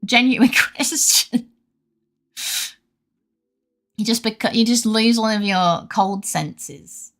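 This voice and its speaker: Feeling feverish and unwell, a young woman streams and chats casually with viewers, laughing often and swearing freely. Her voice is on the high side and fairly bright; she takes it slowly with frequent pauses, over faint background music.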